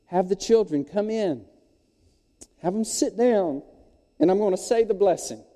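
A man voicing a calm, trusting pastor who firmly reassures his worried cooks. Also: high-pitched, measured pace, in a large hall, voice pushed up. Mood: reassuring. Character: calm, trusting old-time male pastor.

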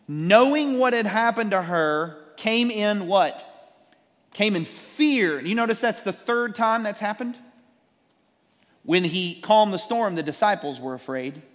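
Male pastor, lively sermon delivery, slightly high voice, long hall reverb. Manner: animated preaching, acts out disciples' sarcasm.

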